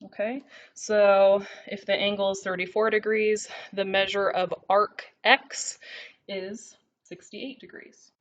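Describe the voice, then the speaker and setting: A woman speaking at a medium pitch with little movement in her voice teaches math from notes she's writing. She regularly checks in with a short "okay?", and the recording comes across as somewhat dull and lo-fi.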